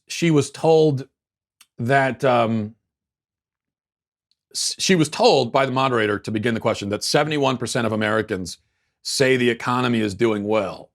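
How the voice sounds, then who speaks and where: Guy hosting a political show, sarcastic and mocking, stops and restarts a lot, average-pitched voice. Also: animated, normal speed, fairly bright tone. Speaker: political commentary show host. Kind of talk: casual commentary.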